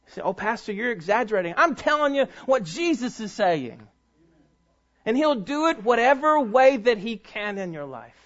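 A man preaching a sermon in a church, reading scripture aloud to his congregation with emphatic swings between loud peaks and hushed drops. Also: very high voice, sing-song, moderate pace. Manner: reads scripture aloud and speaks directly to the congregation. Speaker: pastor. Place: church sanctuary before a congregation. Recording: dull, muffled recording.

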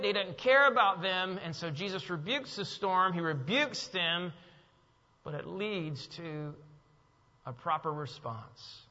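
A man with a high, bright voice preaching a sermon, building to emphatic peaks and then dropping soft. His voice carries a long hall reverb in a dull, muffled recording. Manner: preaching with rising, emphatic bursts and soft drops. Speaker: pastor.

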